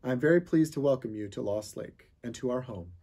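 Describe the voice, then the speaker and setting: A man's voice: medium pitch, lively intonation, brisk, husky. A man reading as a cordial, well-mannered dad. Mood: welcoming. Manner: warm, well-mannered welcome. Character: courteous American father, at ease with strangers.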